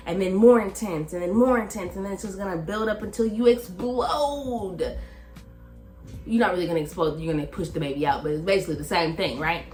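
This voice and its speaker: A young woman in her twenties, chatting casually to a phone camera as she tells a personal story, rambling and full of fillers. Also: medium pitch. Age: 20s. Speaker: vlogger.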